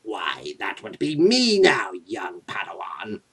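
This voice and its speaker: A man voicing a menacing old male emperor in a low, hushed, sneering voice. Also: wildly swooping pitch, takes it slowly, breathy edge, full character voice. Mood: sinister.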